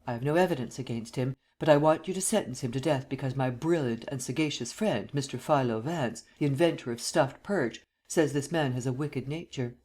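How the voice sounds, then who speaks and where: A man's voice: mid-range voice, fairly quick, few pauses, a little mellow, slightly rough, close to an everyday voice. A man voicing an indignant middle-aged district attorney with a terse, cold manner. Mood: sarcastic.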